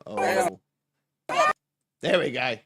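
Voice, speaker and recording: A man's voice: very slow, background noise. A man, giving crude, mocking reaction commentary and laughing often. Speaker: reaction channel host.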